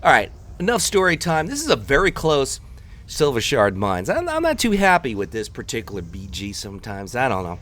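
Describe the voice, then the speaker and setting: A man's voice: mid-range voice, wildly swooping pitch, fairly quick, fairly bright tone. A man in his thirties from the New York area, casually telling a story and talking viewers through his gameplay in a chatty, rambling, teasing way. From New York area, United States. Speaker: gameplay commentator.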